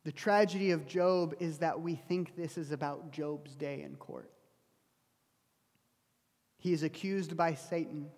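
A man's voice: a little high, fairly even intonation, measured pace, pauses often, darkish tone, long reverb tail. A man preaching a sermon, telling a story earnestly and often dropping his voice to a near whisper. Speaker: pastor.

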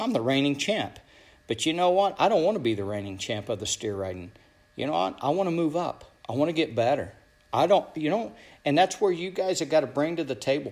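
A man coaching young bull riders and their parents, talking bluntly and swearing, and he keeps asking "you know what I'm saying?". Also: medium pitch. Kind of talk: motivational talk to young riders.

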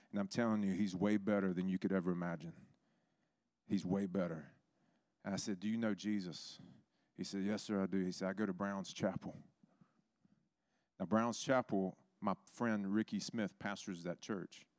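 A man's voice: on the low side, a little mellow, no room sound, studio quality. A man preaching a sermon, telling stories and acting out the voices in them. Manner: storytelling, acts out quoted voices.

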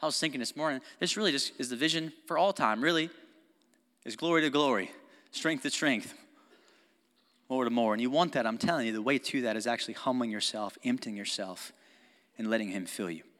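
A man preaching a sermon as pastor, passionate, swinging between loud exhortation and quiet, intimate talk, with frequent laughs and asides to the congregation. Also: mid-range voice, fairly quick. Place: church sanctuary. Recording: long reverb of a church hall.

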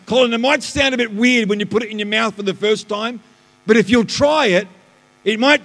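A man, a pastor preaching a lively sermon that swings between loud bursts and hushed asides, in a church auditorium. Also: extremely high pitch. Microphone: live stream stage mic. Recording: live church hall reverb.

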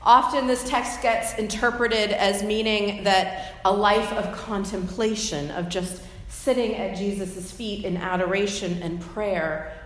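A woman preaching a sermon, retelling a story with imaginative detail and gentle asides. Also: medium pitch. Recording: echoey hall with faint ambience.

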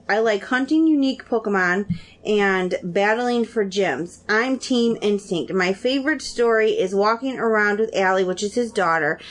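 A woman co-hosting a podcast, chatting casually and acting out the people in her stories. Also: medium pitch. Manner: animated storyteller, acts out quoted dialogue. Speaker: podcast co-host. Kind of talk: casual chat.

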